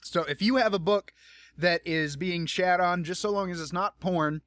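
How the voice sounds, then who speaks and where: A young man talks alone into his podcast mic, rambling loosely and swearing freely as he goes. His voice sits a little high for a man. The sound is dry and close, with no room in it. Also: moderate pace, fairly bright tone, no room sound. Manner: rambling and profane, with frequent fillers. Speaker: podcast host and audiobook narrator. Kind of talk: casual solo podcast monologue.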